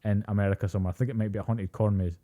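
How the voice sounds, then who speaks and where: Young male podcast co-host, low dark voice, sweary animated storyteller. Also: rapid-fire. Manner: animated storytelling, heavy swearing, acts out quotes. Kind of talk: casual chat.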